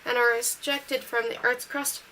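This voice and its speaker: A woman reading a novel aloud in steady first-person narration. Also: a little high, unhurried, a little hiss or hum, low-quality recording. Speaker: audiobook reader.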